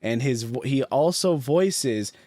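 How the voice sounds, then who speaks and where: A man co-hosting a podcast in casual chat, playful and chiming in with quick reactions. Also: mid-range voice, animated, darkish tone, dry recording, clean studio sound. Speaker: podcast co-host.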